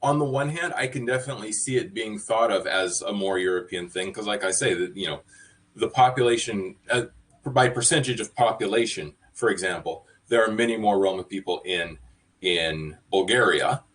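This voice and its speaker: A man hosting a podcast, talking in a measured, thoughtful way and hedging his claims. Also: lowish voice, fairly bright tone. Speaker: podcast host. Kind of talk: casual chat about news.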